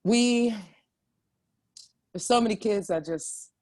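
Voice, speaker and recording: A woman's voice: mid-range voice, takes it slowly, a little mellow. A woman from Ohio, a chef, talking animatedly as a podcast guest, often restarting her sentences. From Ohio, USA. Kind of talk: casual interview chat.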